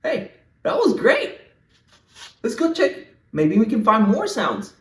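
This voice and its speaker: A man leading a playful lesson for young children, talking straight to them in an animated, singsong way. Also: very high voice, slow pace, far from the mic. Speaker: children's language teacher. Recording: echoey room, voice off-mic.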